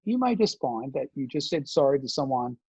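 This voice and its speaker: A man with an Australian accent, a former soldier, telling stories in a casual interview and jumping into higher mock-friendly voices when he quotes people. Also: fairly quick, vocal fry, slightly rough, dry recording. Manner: animated storyteller, slips into high mock-friendly voices when quoting.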